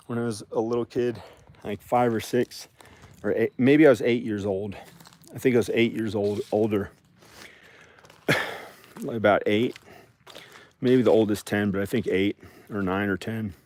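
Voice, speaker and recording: Rambling man, low voice. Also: steady tone, unhurried, long pauses, darkish tone. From American South. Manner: meandering, repeats phrases and restarts often. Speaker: vlogger. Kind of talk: rambling casual vlog monologue.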